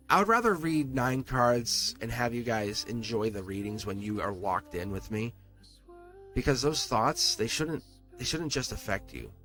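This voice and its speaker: A man's voice: mid-range voice, fairly bright tone. A man reading tarot on a live stream. He talks to his viewers in an earnest, encouraging way, repeats words and restarts his sentences, and swears now and then.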